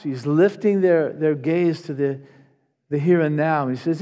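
Casting note: male pastor with a high voice, emphatic and earnest delivery, sermon recorded in a big echoing sanctuary. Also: unhurried, warm tone. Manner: emphatic, earnest preaching with repetitions. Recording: long reverb of a large hall.

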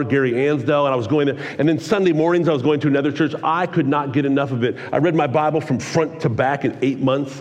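Fired-up pastor preaching in a hall. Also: male voice, fairly high pitch. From California. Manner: energetic storytelling, excitable and earnest. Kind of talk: sermon. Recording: long hall reverb.

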